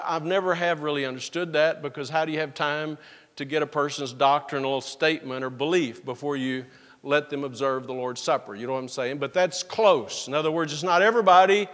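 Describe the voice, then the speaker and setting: A man preaching from the pulpit, his voice pitched high for a man. He slows down and leans hard on the words when he reads scripture aloud. The sound carries a long reverb from the church sanctuary around him. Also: fairly even intonation, a bit bright. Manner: drawn-out emphatic scripture reading. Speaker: pastor. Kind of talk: sermon.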